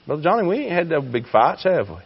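A man preaching a fiery sermon, swinging between shouting and hushed tones. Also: on the high side, big pitch swings, fast talker, vocal fry, slightly rough, muffled recording. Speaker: pastor.

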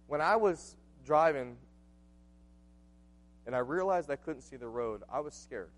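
A man's voice: on the high side, expressive, a little slow. A man in his late twenties preaching a sermon, earnest and conversational, telling a personal story with frequent asides. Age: 20s. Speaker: pastor.

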